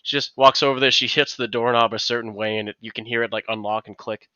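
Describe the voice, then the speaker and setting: A man's voice: medium pitch, steady tone, fast, pushed and bright, no room sound, muffled recording. A man co-hosting a podcast, telling a long anecdote in casual chat, rambling with many restarts and acted-out quotes. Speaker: podcast co-host.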